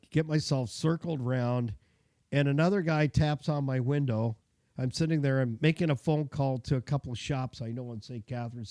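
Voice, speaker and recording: A man's voice: mid-range voice, dark tone, no room sound, clean studio sound. A middle-aged man, a mechanic telling a chatty, self-deprecating story and giving car care tips. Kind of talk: casual storytelling and advice.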